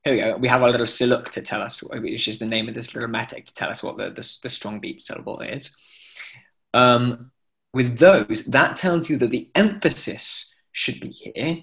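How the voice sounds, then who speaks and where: A man's voice: medium pitch, normal speed, creaky, a bit bright. Man teaching chant on a video call. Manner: explains patiently with many fillers, chanting short examples. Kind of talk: online class instruction.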